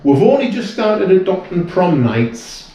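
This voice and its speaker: A British man in his fifties, a guest in a casual chat, speaks in a high, warm, very animated voice at an unhurried pace. He talks earnestly and rambles, restarting often. The recording sounds like a very echoey room, with him sitting away from the mic.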